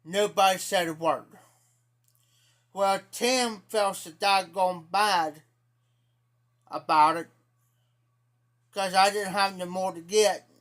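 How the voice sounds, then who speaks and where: A man's voice: high-pitched, takes it slowly, long pauses, fairly bright tone. A man with an Ohio accent telling a rambling, profane story to his live-stream chat in a casual way. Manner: rambling, profane, repeats himself.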